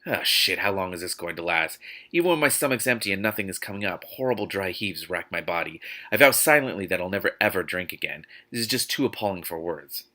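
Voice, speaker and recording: Brief: male host, book reading with snarky asides, lowish voice, bright tone. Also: animated, fast. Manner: exasperated, sarcastic asides.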